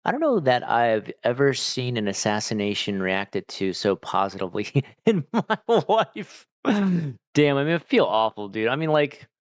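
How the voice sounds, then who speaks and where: A man's voice: medium pitch, big pitch swings, a little slow, no room sound. A man chatting casually on a livestream, answering chat in a rambling, hesitant way with many fillers and restarts. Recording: dull lo-fi dry mic.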